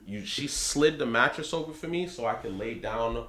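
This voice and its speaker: A man spinning a story in relaxed conversation. He swears freely and keeps it lively, his voice leaping up on the big moments. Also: normal speed. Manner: animated, profane, jumps up in pitch for emphasis. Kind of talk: casual storytelling chat.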